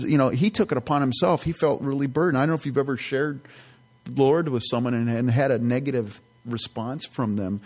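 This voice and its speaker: A man teaching a sermon as a pastor, earnest and conversational, with casual asides between scripture readings. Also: mid-range voice.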